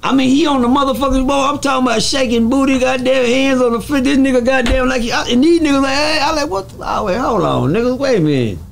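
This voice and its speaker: Gravelly high-voiced man telling stories. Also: fast talker, hardly any pauses. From Fort Worth, Texas. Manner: animated, acts out quoted voices, swears freely. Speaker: interview guest. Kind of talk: storytelling in a casual interview.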